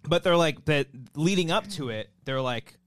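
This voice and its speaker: A man's voice: fairly high pitch, expressive, moderate pace, a bit bright, dry recording. A man co-hosting a podcast, rambling through casual, profane banter with his friends. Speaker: podcast co-host.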